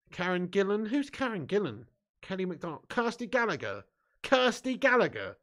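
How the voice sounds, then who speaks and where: A chatty man from the south of England, hosting a live football watch-along. His voice sits a little high for a man. He reads out viewer comments and trades banter, laughing often. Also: very animated, moderate pace, fairly bright tone. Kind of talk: casual live-stream chat, reading out viewer comments.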